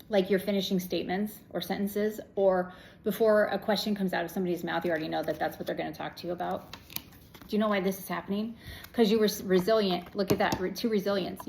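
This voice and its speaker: A woman's voice: on the low side, creaky, a little mellow, a little hiss or hum, rough recording. A woman giving a casual, chatty tarot reading to her viewers, affirming and blunt, with an occasional swear. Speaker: tarot reader.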